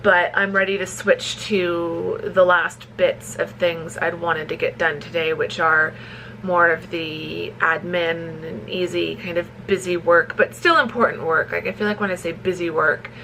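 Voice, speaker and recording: A woman's voice: on the low side, fairly even intonation, measured pace, vocal fry, bright, forceful tone, slight background noise, poor audio. A woman author chatting casually in a home vlog, rambling and laughing often as she makes tea. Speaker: romance author vlogger. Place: at home, kitchen.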